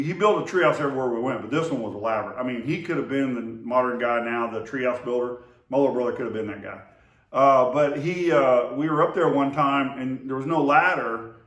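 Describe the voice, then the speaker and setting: A man recalling old times in a casual, rambling way, full of fillers and restarts. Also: medium pitch. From Oklahoma to Texas area. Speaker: storyteller remembering his brother. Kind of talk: casual spoken memories. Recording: roomy echo, voice far from the mic.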